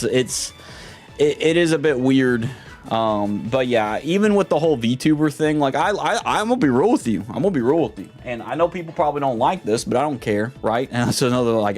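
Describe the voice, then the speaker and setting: A man streamer in casual live-stream chat, rambling and often repeating and restarting his words. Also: mid-range voice.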